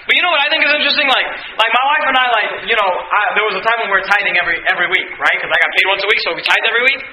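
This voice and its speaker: A male pastor preaching a verse-by-verse sermon, emphatic and sometimes near-shouting when he stresses a point. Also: high-pitched, racing, reverberant, a little hiss or hum, low-quality recording.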